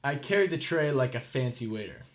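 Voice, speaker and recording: A man with an American accent reading a children's picture book aloud slowly, stopping to explain words and ask listeners questions. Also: mid-range voice, expressive, a little hiss or hum.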